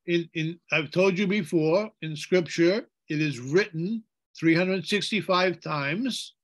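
A man, a priest, leading an informal Bible study, animated as he chants liturgical phrases and quizzes the group. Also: high voice, slow pace.

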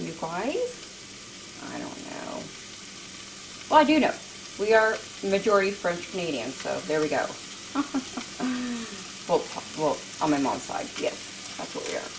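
A woman's voice: mid-range voice, big pitch swings, a little slow, long pauses, noisy background. A woman hosting a home cooking video, chatting casually and poking fun at herself while she cooks at the stove. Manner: chatty, self-mocking, laughs often.

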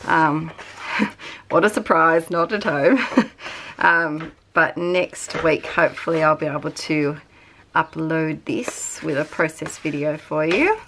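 A woman's voice: low voice, steady tone, slow, fairly bright tone, slight background noise. An Australian woman at home, chatting casually and rambling as a craft vlogger. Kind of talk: casual chat.

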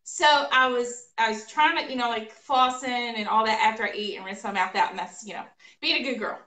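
A woman co-hosting a live show, telling a funny story about her day in an animated, laughing way. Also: fairly high pitch, fairly quick. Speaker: co-host of a painting livestream. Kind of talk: casual storytelling chat. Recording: echoey room, voice a bit far from mic.

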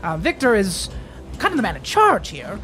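Man playing a pushy barfly middleman, high and halting. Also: wildly swooping pitch, fairly bright tone, full character voice. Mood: eager. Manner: hesitant, full of ums. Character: eager male bar hanger-on angling for a fee.

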